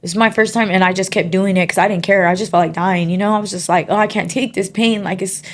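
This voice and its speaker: A woman telling her own story in a relaxed interview. She speaks softly and haltingly, pausing often and filling gaps as she goes. Her voice sits at an ordinary middle pitch. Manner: soft-spoken and halting, with many pauses and fillers. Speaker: interview guest. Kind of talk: personal testimony in casual conversation.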